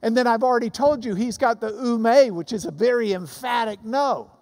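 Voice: medium pitch, normal speed, a little mellow. A Bible teacher giving an emphatic, explanatory sermon in a church hall.

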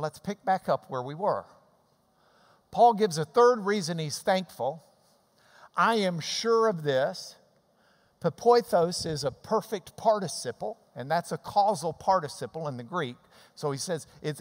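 A man with a high, lively voice delivers an expository sermon, pressing hard on key phrases and dropping to quieter asides. His words ring with long reverb through a church hall. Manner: emphatic, swings from quiet asides to loud stressed phrases, repeats words. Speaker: pastor.

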